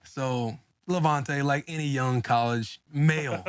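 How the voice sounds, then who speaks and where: A man's voice: mid-range voice, slow pace, smooth, dry recording, clean studio sound. A young man hosting a podcast, telling a story in casual, loose talk and swearing freely. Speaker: podcast host. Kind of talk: casual chat.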